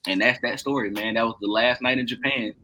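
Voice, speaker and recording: A man's voice: mid-range voice, a little fast, poor audio. A man casually telling a long story to his friends, laughing often and acting out what people said. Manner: animated, laughs often, acts out quoted dialogue. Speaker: podcast co-host telling a story.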